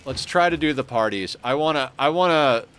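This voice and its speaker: A man's voice: medium pitch, animated, brisk, fairly bright tone, soft background music. A man casually commenting on his game as he plays, chatting with viewers and thinking aloud. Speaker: streamer.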